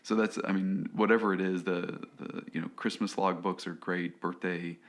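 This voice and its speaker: Deep-voiced guy on a podcast, rambly, lots of you know's and restarts. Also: fairly even intonation, moderate pace. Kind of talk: casual chat.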